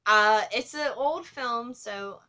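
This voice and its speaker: Excitable, cursing woman co-host. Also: a little high, slow. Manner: excitable, profane, giggly. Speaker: co-host of a horror web series. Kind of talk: casual chat.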